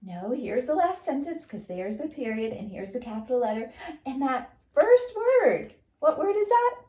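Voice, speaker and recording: A woman's voice: sits high, big pitch swings, dark tone. A woman teaching young children a writing lesson, asking questions and praising their answers. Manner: encouraging, asks questions and praises; reads slowly and clearly aloud. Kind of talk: early-grade writing lesson.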